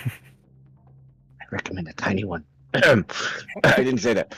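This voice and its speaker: A man's voice: lowish voice, takes it slowly, breathy edge, faint music behind, poor audio. A man playing a tabletop game, joking and laughing in a casual chat. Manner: jokey, laughing, lively. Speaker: player.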